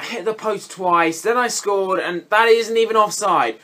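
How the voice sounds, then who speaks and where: A bright, sharp-toned young man commentates his own gameplay live. He chats casually and swears freely, then jumps into high, loud yelps when a chance comes. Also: normal speed, few pauses. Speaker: gaming YouTuber.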